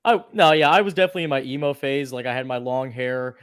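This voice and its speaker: A man's voice: mid-range voice, fast talker, clean tone, no room sound. Chatty man on a film panel, dry sound. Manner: chatty, many fillers, shares personal stories. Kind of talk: casual film review chat.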